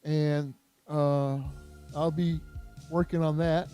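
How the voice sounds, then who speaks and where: A man's voice: on the high side, flat delivery, slow, warm tone, soft background music, rough recording. A man hosting a podcast in casual chat, laid-back and teasing. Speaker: podcast host.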